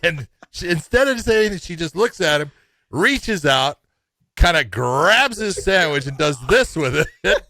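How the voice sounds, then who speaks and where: A man's voice: fairly high pitch, measured pace, no room sound. A man co-hosting a fight podcast, telling stories with lots of laughter in casual chat. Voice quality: animated storyteller, laughs often. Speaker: podcast co-host.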